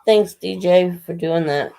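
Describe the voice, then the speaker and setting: Her voice sits on the low side, a little slow, mellow, and marked by vocal fry, in a low-quality recording. She's a woman chatting loosely with livestream viewers, greeting them by name, wandering from thought to thought, and cursing casually now and then. She sounds strained and grows short of breath as she talks.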